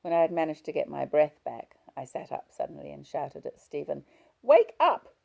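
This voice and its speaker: A woman's voice: sits low, steady tone, a little fast, vocal fry, warm tone. A woman reading a novel aloud, narrating in first person. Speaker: audiobook reader.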